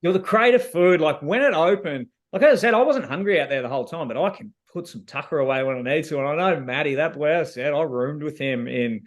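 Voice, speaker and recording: A man's voice: on the high side, fast talker, few pauses. An Australian man answering interview questions as a reality show contestant, telling his story in a laid-back, slangy way with lots of fillers.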